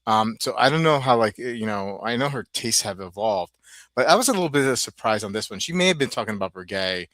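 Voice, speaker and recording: Brief: low-voiced Northeastern US man, rambling podcast host, dry close sound. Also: expressive, fairly bright tone, dry recording. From Northeastern United States. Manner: rambling, halting, many restarts. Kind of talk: casual podcast chat, reading viewer comments.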